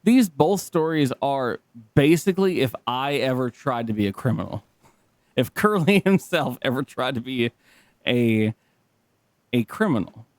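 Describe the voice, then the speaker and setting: A man co-hosting a podcast in casual banter, excitable, laughing often and swearing freely. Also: medium pitch, measured pace, dry recording, studio quality. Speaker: podcast co-host.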